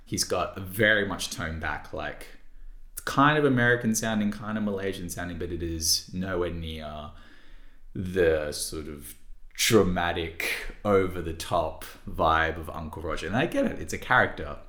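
A man with a very deep voice talks through his views on a podcast, stopping and restarting as he thinks aloud. The room around him adds a noticeable echo. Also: measured pace, sharp tone. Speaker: podcast co-host. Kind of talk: casual discussion.

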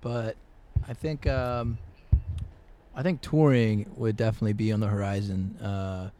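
A man chatting easily as a musician guest, telling stories with lots of fillers and quick laughs. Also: fairly low pitch, steady tone, dark tone. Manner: easygoing, laughs often, many fillers and restarts. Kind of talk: casual interview chat.

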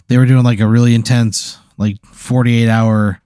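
Guy with a low warm voice telling a rambling cussing comedy story, lots of uhs and likes, dry sound. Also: level tone, moderate pace, clean tone, no echo. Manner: rambling, profane storytelling with fillers. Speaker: podcast host. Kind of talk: improvised comedy scenario.

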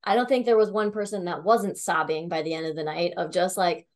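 A woman's voice: fairly low pitch, steady tone, fairly quick. A young woman telling a personal story in a casual, chatty way, full of "like" and "um", with the odd swear. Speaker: tarot reader.

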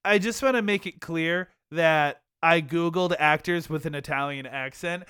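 A man's voice: on the high side, moderate pace, pushed and bright, smooth, no echo, clean studio sound. A young man co-hosting a film podcast, chatting casually and animatedly, laughing often. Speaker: podcast co-host. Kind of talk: casual chat.

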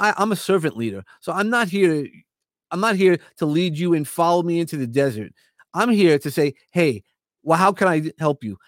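Guest, male, New York accent, slightly high voice, earnest rambler, dry close sound. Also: no room sound. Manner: rambling, earnest, repeats words when starting. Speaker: podcast host and coach, interview guest. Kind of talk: casual interview talk.

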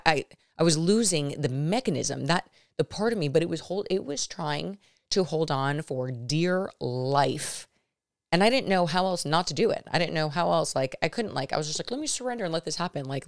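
A woman in her thirties with a low, deep-set voice hosts a podcast. She retells a frightening experience in an animated, emphatic monologue, stumbling over restarts and calling out to her listeners. The sound is dry and close, with no room around it. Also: vocal fry, no echo. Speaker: podcast host. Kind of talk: storytelling monologue to viewers.

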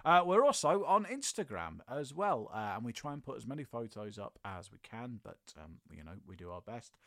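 A man's voice: medium pitch, sing-song, moderate pace, hardly any pauses, fairly bright tone, dry recording. A man hosting a comedy podcast, chatting loosely and jokily, often tripping over his words and correcting himself. His voice sits in a middle register and sounds a touch tired. The recording is close and dry, with no room sound. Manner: rambling, jokey, self-correcting. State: a bit tired. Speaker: podcast co-host. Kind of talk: casual podcast outro chat.

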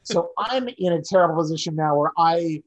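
A man's voice: on the high side, brisk, poor audio. A man co-hosting a podcast in casual chat, rambling and wry, often interrupting himself. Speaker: podcast co-host.

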